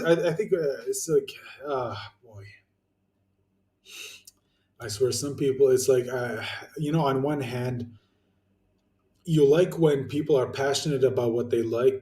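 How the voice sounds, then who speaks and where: A young man vents to his viewers in a loose, rambling rant, swearing freely and restarting his sentences. His voice is mellow and dark. He sits a little back from the mic in an echoey room. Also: medium pitch, normal speed, distant mic. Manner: blunt, swears, many fillers and restarts. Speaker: YouTuber answering viewer comments. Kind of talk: casual ranting vlog.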